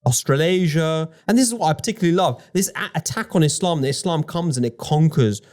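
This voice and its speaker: A man co-hosting a podcast, arguing his points in an animated way with rhetorical questions. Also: on the high side, fast talker. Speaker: podcast co-host. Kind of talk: conversational podcast discussion.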